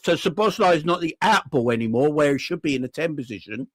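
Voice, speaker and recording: Furious sweary football fan. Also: male voice, a little high, expressive, quick pace, no echo. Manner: furious, sweary, repeats himself, asks rhetorical questions. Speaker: football fan channel host. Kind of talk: angry fan reaction rant.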